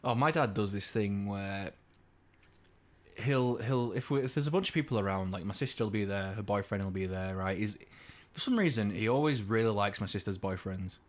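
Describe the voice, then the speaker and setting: A young man co-hosting a podcast, his voice a touch lower than most. He chats casually, swears freely, and jumps his pitch up whenever he imitates his dad. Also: moderate pace. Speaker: podcast co-host. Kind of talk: casual chat.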